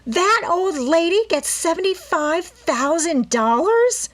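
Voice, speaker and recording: A woman's voice: medium pitch, expressive, normal speed, breathy edge. A woman voicing a tart, spoiled young woman who speaks coldly and sharply in a storybook reading. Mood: resentful. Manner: cold and sharp.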